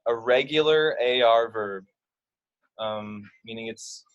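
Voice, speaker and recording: A man's voice: medium pitch, takes it slowly, dull audio. A man teaching Spanish verb conjugation to children, patiently explaining step by step with frequent fillers. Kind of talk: explaining grammar to young students.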